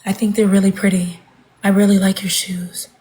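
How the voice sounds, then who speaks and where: A woman voicing a timid, soft-spoken young woman who talks very quietly. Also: mid-range voice, level tone, moderate pace, natural voice, rough recording. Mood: meek. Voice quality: quiet, meek.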